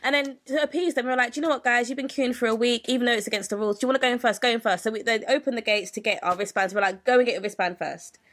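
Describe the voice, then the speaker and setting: A young woman, co-hosting a podcast and telling a story in a casual, animated way, acting out the people in it. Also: on the high side, very fast, few pauses. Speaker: podcast co-host.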